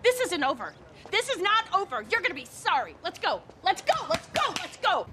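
An actress playing an indignant, combative mother who accuses and shouts in outrage. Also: sing-song, moderate pace, heavy background noise. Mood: outraged. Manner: indignant, accusing, shrill outbursts. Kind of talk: film comedy acting.

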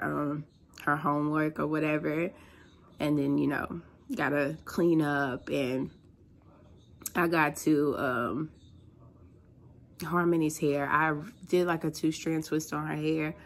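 A woman, chatting casually to camera as a mother and vlogger, animated and prone to high squeals of excitement. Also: gravelly.

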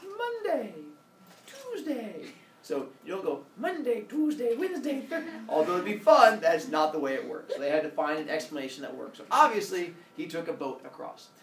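A man teaching a class, retelling a myth in a lively, joking way and putting questions to the students. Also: fairly high pitch, fairly quick, gravelly, few pauses. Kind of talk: classroom storytelling lecture. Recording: roomy, distant classroom sound with faint noise.

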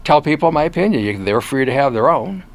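An older man from Michigan with a local accent, a former reporter recounting interviews in a relaxed, animated conversational way. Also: mid-range voice, quick pace, no room sound. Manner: animated storyteller who acts out quoted voices. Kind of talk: casual storytelling in an interview.

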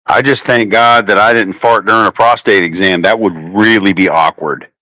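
A man's voice: moderate pace, no room sound. A man hosting a casual livestream chat from home, telling crude stories full of swearing. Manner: crude, profane storytelling with lively swings in pitch. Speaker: livestream host.

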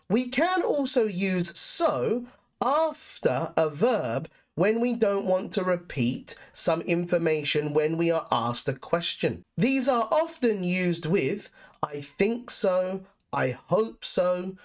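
Female English teacher, unhurried and deliberate, lively rising intonation, lowish voice. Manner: clear, deliberate explanations with example sentences. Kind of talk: scripted lesson narration.

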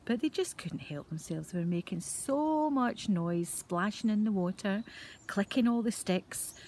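An older Scottish woman telling a tale to her grandchildren, gentle and animated, drawing them in as she goes. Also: medium pitch, measured pace, a little hiss or hum. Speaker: grandmother storyteller. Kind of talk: telling a bedtime story to children. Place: home.

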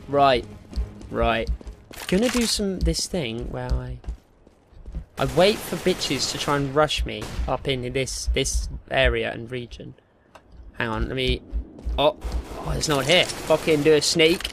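A young man commentating his own gameplay, excitable and sweary, often yelping into squeaky high notes. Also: unhurried, background noise. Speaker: gaming YouTuber. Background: game music and gunfire.

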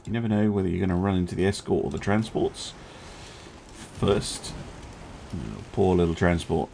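A man's voice: sits low, normal speed, creaky, a little mellow, slight background noise. A man giving casual, musing commentary on a naval strategy game as host, chuckling often and poking fun at himself. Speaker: gaming video host.

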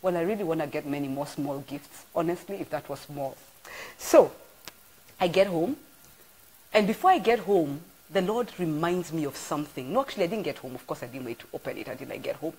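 Husky, low-pitched woman pastor; expressive, storytelling sermon delivery. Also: fairly quick. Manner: animated storyteller with exclamations. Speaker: church apostle. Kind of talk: informal live-streamed sermon.

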